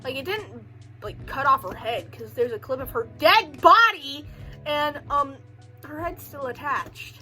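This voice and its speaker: A woman's voice: high voice, expressive, measured pace, bright, forceful tone, faint music behind, rough recording. A young woman casually recapping a film in a rambling way, full of "like" and joking asides. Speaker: video creator recapping a film.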